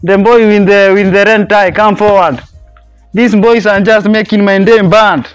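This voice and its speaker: A man's voice: high-pitched, steady tone, a little slow, clear, resonant tone, dry recording, faint music behind. A man playing a strict schoolteacher in a comedy skit, bossy and repeating his orders. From Kenya.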